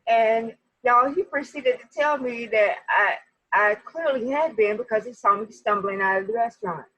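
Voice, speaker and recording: A woman telling a personal story to her viewers in a casual, animated way, often speaking to them directly. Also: fairly high pitch, moderate pace, no room sound, muffled recording. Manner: animated, talks straight to viewers.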